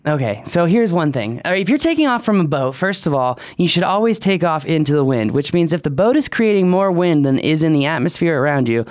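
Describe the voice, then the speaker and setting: A man's voice: fairly high pitch, sing-song, brisk, hardly any pauses, no room sound, studio quality. A man co-hosting a podcast in casual banter, playful and jokey while explaining things loosely. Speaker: podcast co-host.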